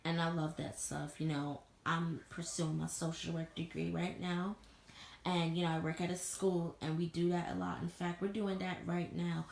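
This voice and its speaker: A woman's voice: lowish voice, flat delivery, moderate pace, gravelly, darkish tone. A young woman reviewing a reality show in casual chat, blunt and profane, full of slang. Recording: echoey room with faint ambient noise.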